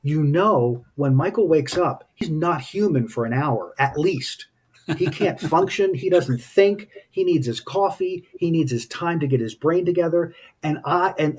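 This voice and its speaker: This spiritual teacher's voice sits on the high side, slightly mellow and husky. He speaks casually and reflectively, sharing anecdotes from his own life in a considered way.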